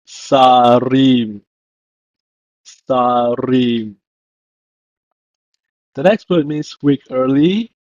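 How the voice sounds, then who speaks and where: With a fairly high pitch and warm tone, a male language teacher reads a slow scripted lesson, voicing each word before repeating it with stress. The lo-fi voice-over sounds dull, with no room sound.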